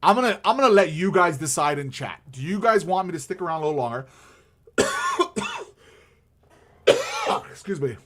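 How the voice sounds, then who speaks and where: A man's voice: on the high side, animated, fast, few pauses, fairly bright tone. A man hosting a live stream, chatting casually about hockey in a rambling way with many fillers and restarts.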